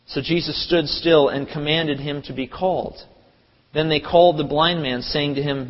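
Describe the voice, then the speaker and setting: Preacher, male, fairly high voice, animated delivery, dull lo-fi sound in a reverberant church. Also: normal speed. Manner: animated, acts out crowd voices with sudden loud high bursts. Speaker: pastor. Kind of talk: sermon. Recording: dull lo-fi audio with long hall reverb.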